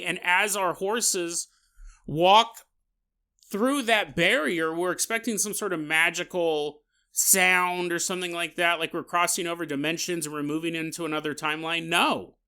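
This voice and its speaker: A man hosting a podcast, telling a story in a joking, animated way with laughing asides. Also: high-pitched, normal speed, clean tone. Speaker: podcast host. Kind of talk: comedic storytelling.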